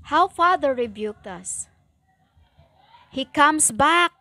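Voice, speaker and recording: A woman preaching a stern religious monologue in halting non-native English, with many fillers and emphatic repetition. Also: sits high, animated, pushed and bright, no echo. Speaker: self-styled prophetic preacher.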